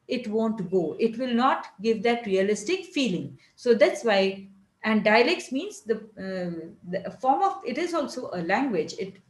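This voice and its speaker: Indian English woman, college lecturer, explaining patiently with many restarts, higher voice, echoey room. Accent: Indian English, Maharashtra. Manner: explanatory, repeats and restarts phrases, demonstrates accents slowly. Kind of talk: online lecture.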